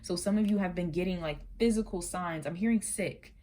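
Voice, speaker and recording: Low-voiced woman giving a tarot reading. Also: mellow, slight background noise. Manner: chatty and earnest, sometimes rushes her words. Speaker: tarot reader. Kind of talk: casual spoken tarot reading.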